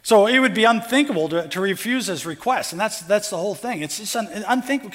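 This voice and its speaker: A man's voice: high-pitched, animated, fast, hardly any pauses, fairly bright tone. A pastor preaching a conversational sermon, acting out the parable's characters as he goes. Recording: long hall reverb.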